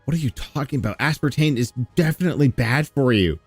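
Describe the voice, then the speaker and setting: A man's voice: medium pitch, lively intonation, quick pace, breathy edge, no room sound, soft background music. A man streaming a reaction, casually commenting with sarcasm, swearing, and laughter. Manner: sarcastic, swearing, laughing, mocking with mimicked quotes.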